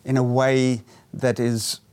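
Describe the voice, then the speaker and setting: A man who coaches business owners, speaking in a measured way with frequent pauses and restarts in a casual interview. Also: medium pitch, little pitch movement, darkish tone, smooth.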